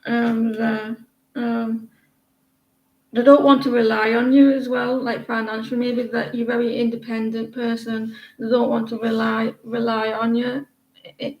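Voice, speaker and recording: Slow, halting woman doing tarot readings. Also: a little high, darkish tone, reverberant, low-quality recording. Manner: slow, halting delivery with many fillers and restarts. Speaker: tarot reader. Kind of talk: live-stream tarot reading, chatting with viewers.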